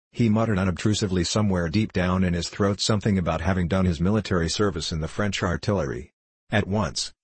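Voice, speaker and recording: Deep-voiced male audiobook narrator. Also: slightly rough, no echo. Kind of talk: scripted narration of a classic novel.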